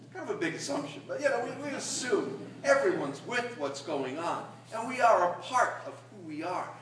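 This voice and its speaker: Priest preaching in an echoey church. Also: male voice, a little high, fairly bright tone, recorded from a distance, slight background noise. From Catskill Mountains, New York. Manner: storytelling, conversational with rising emphatic peaks. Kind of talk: sermon. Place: large church.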